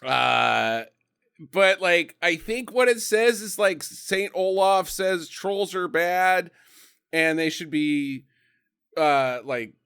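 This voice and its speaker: A man's voice: high-pitched, slow pace, vocal fry, a bit bright, clear, resonant tone. A man co-hosting a casual movie-review podcast. He swears freely, laughs often and fills his talk with "like.". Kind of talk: casual chat.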